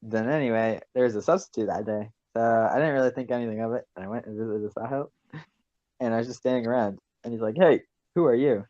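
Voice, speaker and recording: A man's voice: mid-range voice, steady tone, fast, darkish tone, no echo. Teen boy, giggly storyteller, slightly muffled dry recording. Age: teens. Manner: giggly, laughs through his words. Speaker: podcast guest. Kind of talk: casual storytelling. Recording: dull dry mic.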